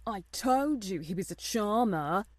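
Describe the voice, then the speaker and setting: A woman's voice: medium pitch, lively intonation, unhurried, no echo. A woman voicing an imperious sickly rich boy who gives orders in a lordly way. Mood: eager. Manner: commanding, lordly.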